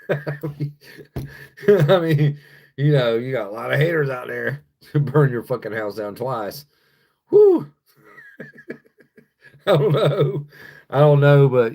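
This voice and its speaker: An American man hosting a livestream, ranting angrily and profanely while reading chat. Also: medium pitch. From United States. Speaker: livestream host. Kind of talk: live-stream rant reading chat.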